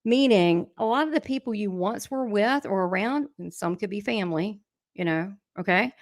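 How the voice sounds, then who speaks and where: Here a spiritual coach in middle age runs a relaxed livestream, chatting with viewers, laughing frequently, and responding to their comments directly. She speaks at normal speed in a mid-range voice, and the audio is clean, studio-grade, and echo-free.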